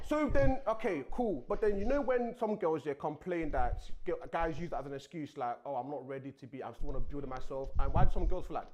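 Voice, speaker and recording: A man's voice: on the high side, fairly quick, few pauses, a little mellow. A man putting probing questions to the group in a casual debate.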